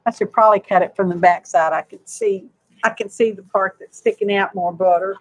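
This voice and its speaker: The host of a crafting channel, a woman, talks a little fast in a steady mid-range voice. She rambles homily while working through a live demo, addressing viewers and herself alike, in a dry recording.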